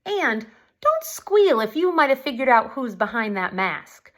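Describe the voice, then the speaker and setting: A woman's voice: fairly high pitch, big pitch swings, measured pace. A woman host wrapping up a reading contest and speaking directly to viewers in an upbeat way. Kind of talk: cheerful announcement.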